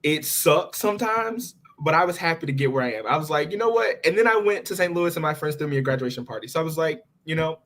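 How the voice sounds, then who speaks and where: A man's voice: on the high side, fast talker, hardly any pauses. A young man in his twenties, a podcast guest, telling his story casually and with feeling, quoting his own thoughts. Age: 20s. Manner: animated, expressive retelling with quoted inner thoughts.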